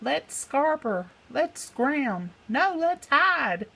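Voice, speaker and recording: A woman's voice: medium pitch, steady tone, takes it slowly. A woman voicing a boastful, cowardly male pirate chief in a storybook reading. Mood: panicked. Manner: blustering, then panicky yelps. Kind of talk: storybook read-aloud.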